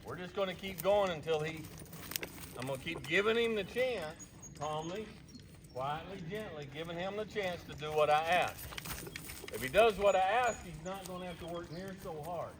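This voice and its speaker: A man working as a horse trainer, calmly and patiently explaining while he works a horse outdoors. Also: sits high, moderate pace. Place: outdoor round pen with horses. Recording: distant voice with outdoor noise.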